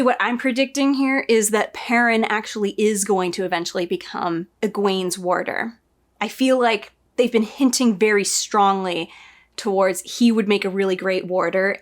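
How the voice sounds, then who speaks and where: A woman casually reviewing a show against the book, sarcastic and exasperated as she reacts. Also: medium pitch.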